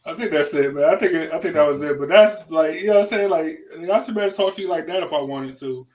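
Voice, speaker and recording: A man's voice: fairly high pitch, fast talker, a little mellow, low-quality recording. A man hosting a casual chat who talks emphatically, laughs often and repeats his words. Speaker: podcast host.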